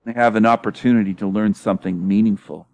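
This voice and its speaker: Low-voiced man mocking with laughter. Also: fairly even intonation, fast, darkish tone, dry recording. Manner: mocking, laughs often, swears, emphatic. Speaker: YouTube channel host. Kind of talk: casual monologue.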